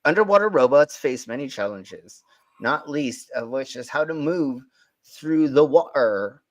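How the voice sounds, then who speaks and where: A man's voice: mid-range voice, animated, moderate pace. Rambling male stream host. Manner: rambling, joking, restarts often. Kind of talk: casual crude news chat.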